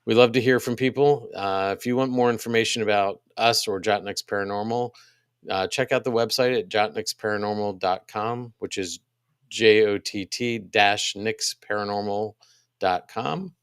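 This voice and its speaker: A man co-hosting a podcast, casually reading out upcoming events, halting with many ums and restarts. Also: lowish voice, steady tone, clear, resonant tone, no room sound, studio quality. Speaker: podcast co-host.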